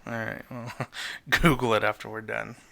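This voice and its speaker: Teasing man with gravelly bright voice. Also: on the low side, level tone, moderate pace. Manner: teasing, joking. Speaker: podcast co-host. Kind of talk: casual chat.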